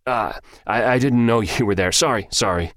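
A man voicing a jumpy, excitable young male athlete who talks loudly and almost sings his words. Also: fairly low pitch, normal speed, no room sound, studio quality, pitched above the performer's own voice, natural voice. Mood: sheepish. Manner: loud, sing-song, then stammering.

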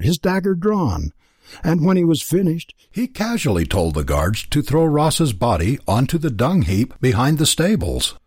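A man giving a dramatic, expressive scripted narration of a storybook. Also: medium pitch, slightly rough, dry recording, clean studio sound. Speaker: audiobook narrator.

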